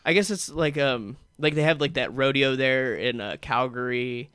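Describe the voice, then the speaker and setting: A man's voice: mid-range voice, normal speed, a bit bright, clear, resonant tone, dry recording, clean studio sound. A man from the San Francisco Bay Area, a comedian guest in a casual radio chat, rambling and thinking aloud with lots of fillers. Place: radio studio.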